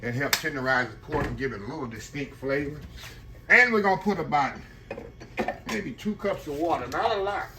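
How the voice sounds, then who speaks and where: A man with a slightly high voice speaks fairly quickly over background noise as he hosts a casual cooking show from his home kitchen. He's folksy and chatty, forever calling out to viewers as "y'all."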